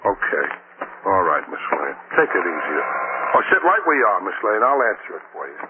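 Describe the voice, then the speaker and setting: An actor playing a simple-minded, chatty cab driver in a 1940s radio drama, rambling and eager to please. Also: male voice, low voice, very animated, fairly quick, very noisy. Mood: apologetic. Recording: tinny old radio broadcast with music.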